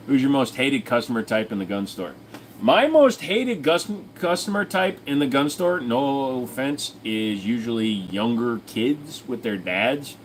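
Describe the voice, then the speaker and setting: Brief: male livestream host, crude and jokey, very lively pitch, faint room hum behind. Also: measured pace. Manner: crude, jokey, slips into silly voices. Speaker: livestream host answering chat. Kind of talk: casual livestream chat. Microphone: desk microphone.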